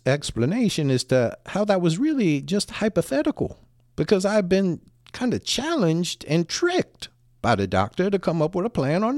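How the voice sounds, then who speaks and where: A man's voice: a little high, a little mellow, no echo, studio quality. A middle-aged man telling a personal story in a rambling, casual way with many restarts.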